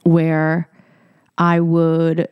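A woman in her thirties, born in Egypt, hosting a solo podcast and telling a story in a lively, chatty way with frequent laughter. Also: low-pitched, very slow, clean tone, no echo, highs cut off. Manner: animated storytelling, laughing often, casual swearing; talks directly to listeners as "your girl". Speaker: podcast host.

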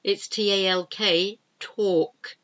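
A woman's voice: medium pitch, steady tone, slow, a bit bright, muffled recording. A woman teaching an English pronunciation lesson, saying each word twice and spelling it out letter by letter. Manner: spells words out letter by letter and repeats them.

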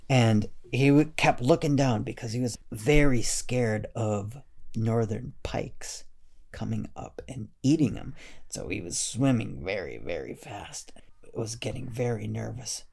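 A man narrating a children's story in a gentle, unhurried way. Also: on the low side, creaky, slightly rough.

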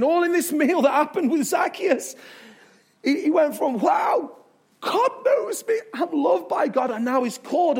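High-pitched preaching pastor, man. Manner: emphatic preaching with dramatic pauses and repetition. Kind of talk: sermon. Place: church sanctuary.

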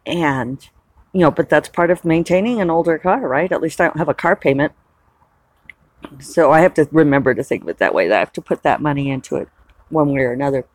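A woman's voice: low voice, expressive, brisk, darkish tone, dry recording. A woman in a casual, rambling chat who laughs often as she talks through her week. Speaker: author and vlogger.

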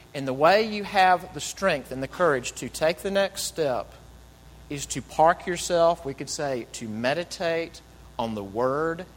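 Preaching man in a reverberant hall. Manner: animated preaching, voicing quoted speakers, drops to soft low tones. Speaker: pastor. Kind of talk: sermon.

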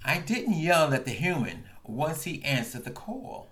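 A man hosting a podcast, delivering a comedic angry rant that swings from calm narration to bursts of yelling. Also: mid-range voice, moderate pace, hardly any pauses. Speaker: podcast host.

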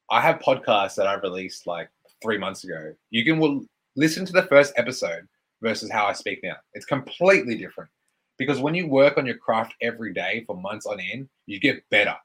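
A man's voice: lowish voice, fairly bright tone, breathy edge. A man around thirty, a fitness coach giving a blunt motivational talk on a live stream, swearing freely and saying "like" a lot.

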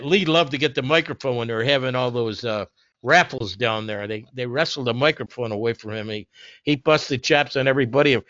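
A man spins long, rambling stories from the old days, acting out what others said and doubling back on himself. His voice sits at an ordinary pitch, close and dry in a small space. The recording is dull and lo-fi. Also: a bit bright, dry recording. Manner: rambling anecdotes with many restarts and reported speech. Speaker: storyteller in a group conversation. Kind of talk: casual reminiscing.

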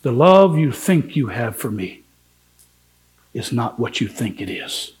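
A man's voice: medium pitch, big pitch swings, measured pace. A man preaching a sermon as pastor, earnest and emphatic, acting out the words of biblical figures in quotes.

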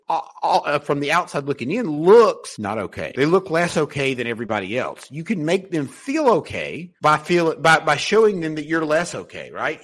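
Lively, profane man giving sales advice. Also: fairly high pitch. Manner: loose, profane, many restarts and self-corrections. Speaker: podcast host and sales coach. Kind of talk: casual motivational talk.

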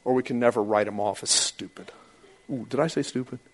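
A man preaching a sermon as pastor, talking animatedly and acting out quoted voices with sudden high outbursts. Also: fairly quick.

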